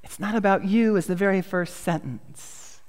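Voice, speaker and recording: A woman's voice: medium pitch, moderate pace, a little mellow, in a large hall. Woman pastor preaching with playful humor. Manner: storytelling, self-mocking humor, acts out quoted voices. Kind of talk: sermon.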